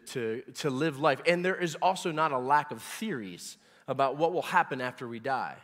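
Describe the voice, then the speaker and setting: A man in his forties preaching a sermon, emphatic, repeating words and rising loud on key points. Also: a little high, normal speed, hardly any pauses, in a large hall. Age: 40s. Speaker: pastor.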